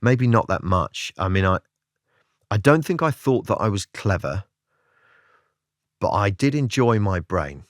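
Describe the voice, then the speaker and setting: A comedian being interviewed, talking in a reflective, self-deprecating way and breaking into laughter now and then. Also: male voice, on the low side, very animated, unhurried, long pauses, no echo, clean studio sound. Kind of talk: candid interview chat.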